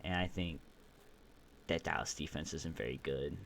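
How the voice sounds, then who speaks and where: Speaking at normal speed in an extremely low, gravelly yet slightly bright voice, this young podcast host ranks football teams on his stream. His solo commentary is casual and rambling, full of opinions and restarts, and he seems a little groggy, with some burps.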